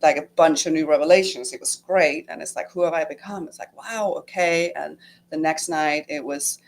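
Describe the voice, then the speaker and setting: Low-voiced woman telling her story. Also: moderate pace. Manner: emotional, many fillers and acted-out inner quotes. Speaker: guest sharing her retreat experience. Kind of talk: casual storytelling testimonial.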